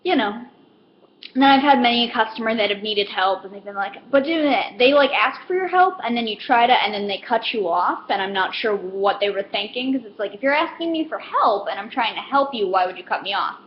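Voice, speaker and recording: A woman in retail gives a casual comedic rant, rambling and self-deprecating, full of filler words. Her voice is fairly high. The recording is a bit dull and lo-fi, with faint noise underneath. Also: lively intonation, brisk. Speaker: retail store worker.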